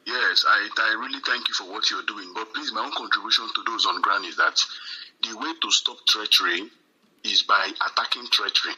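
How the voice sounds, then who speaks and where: A man's voice: on the low side, fairly quick, sharp tone, husky. A man from Nigeria calling in to a live stream, angry and emphatic, repeating his points. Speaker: caller. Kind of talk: phone-in call. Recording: tinny phone line.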